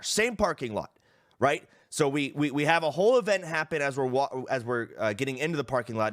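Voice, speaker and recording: A man's voice: fairly high pitch, fairly bright tone. A young man, a streamer, casually telling a story to his stream, swearing and acting out the people he quotes.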